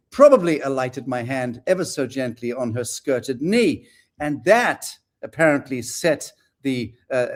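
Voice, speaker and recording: Guy hosting an online panel, jokey and theatrical, kinda high voice. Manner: playful, theatrical, lively host banter. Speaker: host. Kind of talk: casual panel talk, reading questions.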